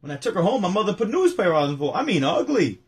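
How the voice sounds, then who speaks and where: A man putting on a brash male stand-up comic, firing off punchlines in a punchy, exclaiming delivery with a husky voice. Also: sits high, very animated, quick pace, pitched above the performer's own voice. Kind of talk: stand-up impression.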